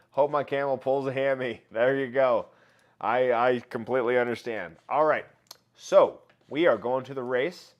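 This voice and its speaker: On his casual live stream, a man chats with viewers, shouts greetings, calls them out by name, and holds giveaways. His voice is medium-pitched and the recording sounds muffled.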